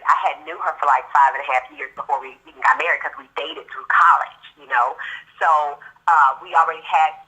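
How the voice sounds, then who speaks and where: A woman being interviewed, telling a personal story in an earnest, animated way and acting out what people said. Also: low voice, husky, low-quality recording. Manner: earnest, animated retelling with acted-out quotes. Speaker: guest.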